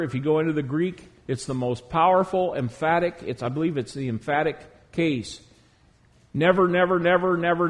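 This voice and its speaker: A man preaching a sermon to a congregation in a church, emphatic, drawing out key words slowly. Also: medium pitch. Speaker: pastor.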